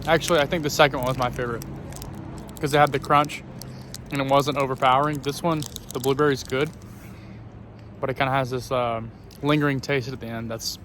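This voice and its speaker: A man's voice: medium pitch, fairly even intonation, fairly quick, long pauses, a bit bright. A man vlogging casually to camera as he walks city streets, chatty and hesitant, with lots of ums and self-corrections. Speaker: travel vlogger. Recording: faint outdoor street noise. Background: faint street and traffic noise.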